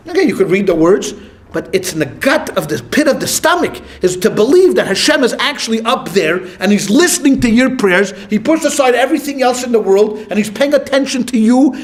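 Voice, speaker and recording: A rabbi leads a class in a high, bright voice. He keeps asking the room questions and answering them himself, and he mixes in anecdotes with quoted lines. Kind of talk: classroom lecture with questions to the audience.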